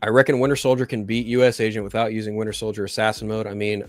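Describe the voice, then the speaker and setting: A man's voice: fairly low pitch, flat delivery, rapid-fire, faint music behind. A man hosting a solo live stream, chatting casually and profanely about a film and reading viewer comments. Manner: profane, ranting, rises into loud exasperation.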